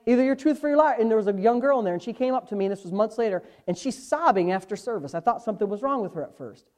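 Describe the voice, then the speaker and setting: A male pastor delivers a sermon in a voice that sits unusually high for a man. He is fervent and impassioned, dropping to hushed asides and then climbing back to loud, urgent exhortation. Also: expressive, racing. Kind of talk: preaching a sermon.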